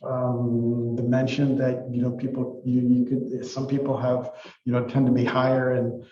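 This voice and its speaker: A man's voice: mid-range voice, completely flat delivery, moderate pace. Rambling male professor, roomy dull recording. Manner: rambling, many fillers and restarts, candid. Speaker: psychology professor. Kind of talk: recorded university lecture.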